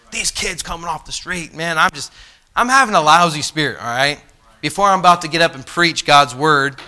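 A middle-aged man preaching a sermon, telling a personal story with animated swings from soft to loud, passionate outbursts. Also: a little high. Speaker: pastor.

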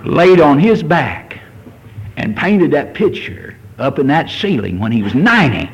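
A man's voice: fairly high pitch, very animated, unhurried, husky, muffled recording. A man in his sixties, a pastor preaching a fervent sermon and reading scripture aloud. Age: 60s.

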